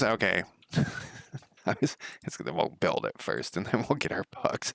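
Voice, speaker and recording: A man's voice: low-pitched, very animated, takes it slowly, vocal fry, pauses often, pushed and bright, no echo. A middle-aged man giving casual, rambling commentary as he codes a game, talking to himself and laughing at his own slips. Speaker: game developer streaming his coding. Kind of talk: casual live coding commentary.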